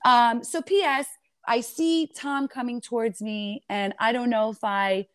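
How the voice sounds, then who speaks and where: A woman in her forties, a reality TV guest telling her side in an animated interview, emphatic and indignant with quick retorts. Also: on the high side, clean tone, no room sound, clean studio sound.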